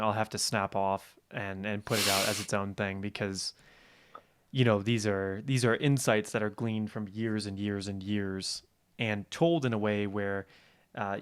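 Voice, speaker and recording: A man's voice: lowish voice, noisy background. A man hosting a podcast over a video call, enthusiastic and effusive, talking casually and now and then swearing. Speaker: podcast host. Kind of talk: casual interview chat.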